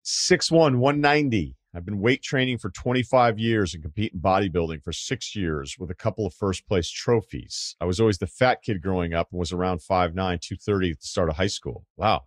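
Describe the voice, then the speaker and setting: A man's voice: deep voice, brisk, hardly any pauses, no room sound, studio quality. A man hosting an advice podcast, reading listener emails aloud in a wry, conversational way and breaking off into asides and mocking quotes. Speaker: podcast host.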